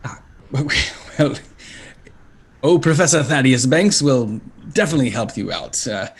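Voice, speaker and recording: A man's voice: mid-range voice, expressive, a little slow, breathy edge, pitched above the performer's own voice. A man voicing a small, nervous male imp professor who stammers and is overly polite. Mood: fussy helpful.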